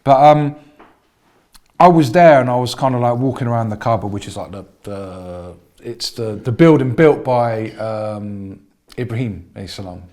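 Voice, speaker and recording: A mid-pitched man appearing as a filmmaker guest on a comedy podcast. He tells personal stories earnestly, growing quieter as he reflects. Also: normal speed. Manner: earnest storyteller, drops to a soft voice in reflective parts. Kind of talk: casual anecdote telling.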